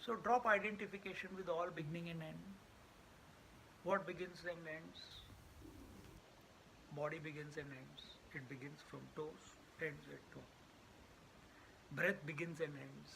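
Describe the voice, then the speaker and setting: A man's voice: a little high, steady tone, a little slow, creaky, long pauses, bright, forceful tone, slight background noise, low-quality recording. A man giving a spiritual discourse as a teacher, repeating key phrases for emphasis. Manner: laughs often while telling stories.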